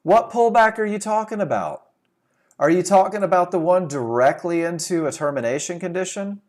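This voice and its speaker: A man's voice: high-pitched, expressive, normal speed, a little mellow. A man leading a live trading class over a computer microphone, firing rhetorical questions and repeating his key points for emphasis. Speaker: trading instructor. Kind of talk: live webinar teaching.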